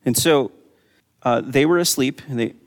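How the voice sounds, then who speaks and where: A man's voice: medium pitch, normal speed, big-room sound. A man preaching a sermon, teaching in a conversational way and reading scripture aloud with a lifted voice.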